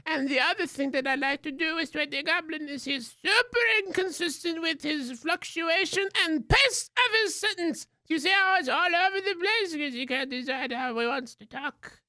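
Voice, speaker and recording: A man's voice: lively intonation, moderate pace, few pauses, pushed and bright, no room sound, exaggerated voice. A man voicing a nervous, sweaty male goblin in a pinched, strained voice with an erratic pace. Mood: frantic. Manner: erratic, uneven pace and pitch.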